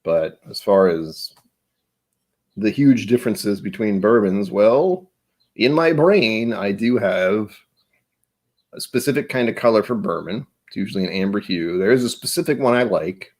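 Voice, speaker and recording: Deep voiced guy rambling on his stream, kinda tired voice, laughs a lot. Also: animated, a little slow, a little mellow. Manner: rambling, chatty, laughs often. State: voice a bit tired. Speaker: livestream host. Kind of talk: casual livestream chat.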